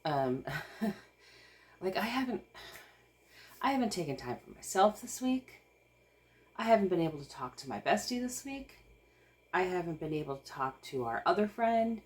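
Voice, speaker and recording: A woman's voice: fairly low pitch, very animated, moderate pace, pauses often. A woman, vlogging casually while overwhelmed and close to tears, rambling with restarts and nervous laughs. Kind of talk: casual vlog talk to camera.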